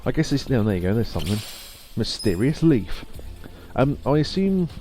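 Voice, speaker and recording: A man chatting casually through a live game stream, joking and laughing, his voice a bit rough from a sore throat. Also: medium pitch, very animated, moderate pace, mellow. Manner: chatty, laughs often, wry asides. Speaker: gaming streamer. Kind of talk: casual live gameplay commentary. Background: faint game music.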